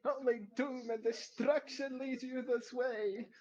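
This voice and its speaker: A man voicing a robed, childlike creature who strains for a deep, ominous voice that stays high-pitched. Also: steady tone, darkish tone. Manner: slow, ominous, booming.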